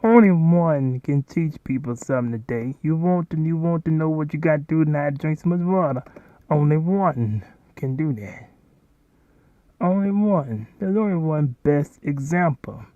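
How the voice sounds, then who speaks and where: A man's voice: on the high side, normal speed, no echo. A man hosting, rambling and commenting casually over a video he is playing, often repeating himself. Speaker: host. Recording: dull, lo-fi home recording.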